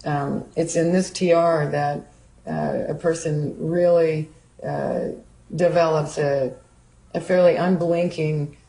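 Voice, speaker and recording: A woman calmly explaining and demonstrating training drills, speaking plainly with frequent fillers. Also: sits low, slow, gravelly, poor audio. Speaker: student and narrator.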